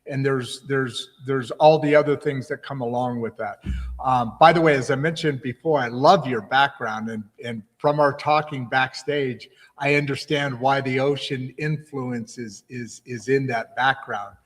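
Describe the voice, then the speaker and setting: A man's voice: medium pitch, measured pace, big-room sound. A man hosting a livestream interview, chatty and rambling, often restarting his sentences. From United States. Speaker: host.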